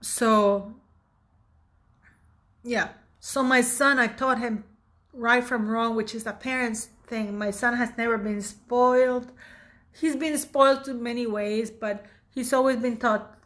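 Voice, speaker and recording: A woman's voice: fairly high pitch, fairly even intonation, unhurried, fairly bright tone. A woman in her fifties hosting her own channel, giving blunt, indignant opinion commentary with emphatic delivery. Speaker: channel host.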